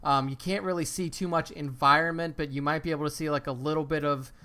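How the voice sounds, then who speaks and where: A man co-hosts a laid-back podcast, agreeing a lot and hedging with fillers. His voice is bright and fairly high for a man. It is crisp and clear too. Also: fairly even intonation, fast talker. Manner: agreeable, hesitant, lots of fillers, swears. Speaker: podcast co-host. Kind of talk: casual chat.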